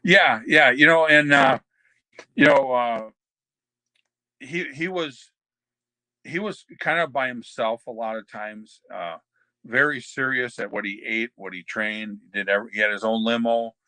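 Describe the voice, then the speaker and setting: A man's voice: mid-range voice, unhurried, bright, forceful tone, no room sound. An older man, a former wrestler, telling backstage anecdotes as a podcast guest, rambling with many fillers and restarts. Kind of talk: anecdotal storytelling.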